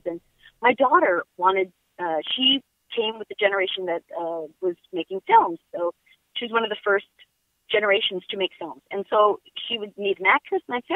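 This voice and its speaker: A woman's voice: on the high side, very animated, a little fast, no room sound. Brief: middle-aged woman from Long Island, bubbly phone guest, dry, tinny line. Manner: upbeat, chatty, laughs often. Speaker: guest actress. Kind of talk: casual phone interview. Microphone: telephone.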